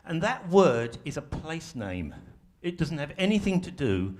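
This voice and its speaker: Male facilitator, fairly high and very animated voice, chatty and self-deprecating onstage. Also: measured pace, a little hiss or hum. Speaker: workshop facilitator. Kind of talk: live presentation to an audience. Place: large ballroom stage.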